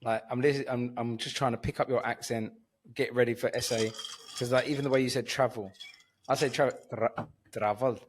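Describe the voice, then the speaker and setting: A man's voice: medium pitch, level tone, fairly quick, slight background noise. A man from Cyprus, a stand-up comedian, joking playfully as a podcast guest. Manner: playful, joking, laughs a lot. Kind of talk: casual podcast chat.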